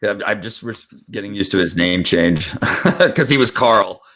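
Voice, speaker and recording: Excitable man rambling on a stream. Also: fairly low pitch. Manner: excitable, laughs often, quick rambling storytelling. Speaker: comic creator. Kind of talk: casual group chat on a live stream.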